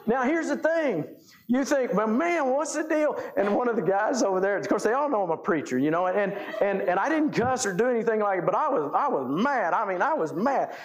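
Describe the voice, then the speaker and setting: A man preaches from the pulpit, spinning folksy ranch stories into his sermon. His voice sits a touch high for a man. He grows lively and animated as he acts out the scenes. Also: fairly quick. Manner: folksy storytelling, animated when recounting. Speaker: pastor. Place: church sanctuary.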